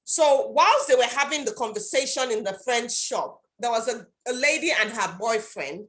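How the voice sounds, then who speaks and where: A woman's voice: on the high side, animated, normal speed, a bit bright. A woman hosting a casual chat, retelling a story she saw online. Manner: retells stories, acting out the voices in them. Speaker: host.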